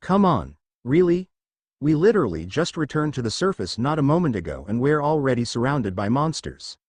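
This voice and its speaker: A man's voice: mid-range voice, sing-song, normal speed, darkish tone. A man voicing an impatient young male gunfighter who talks bluntly and sounds irritated, in a fan storybook reading. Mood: annoyed.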